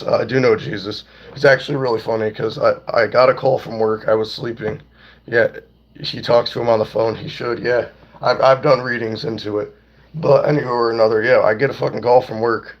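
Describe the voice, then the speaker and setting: Hoarse young man on a lo-fi stream. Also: medium pitch. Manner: loose, profane, greets chat by name. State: hoarse, voice nearly gone. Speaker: livestreamer. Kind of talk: casual livestream chat. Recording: dull lo-fi stream audio.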